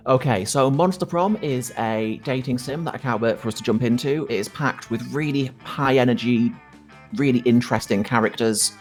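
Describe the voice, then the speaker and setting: A woman hosting a game session with friends, reading out the game's narration in a playful, lively way. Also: a bass voice, normal speed, faint music behind. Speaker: host.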